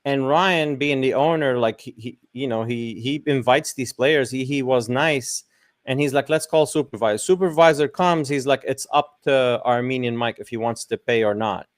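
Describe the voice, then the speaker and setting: Mid-pitched man, dry close mic. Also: normal speed, no room sound. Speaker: poker podcast panelist. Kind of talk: casual chat.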